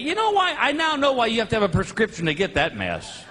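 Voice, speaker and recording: Male stand-up comic onstage, high, swooping delivery, noisy live recording. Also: quick pace, few pauses. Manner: animated storytelling, bursts into shouted punchlines. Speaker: stand-up comedian. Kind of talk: stand-up comedy routine. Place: comedy stage before a live audience. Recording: live stage audio with crowd noise.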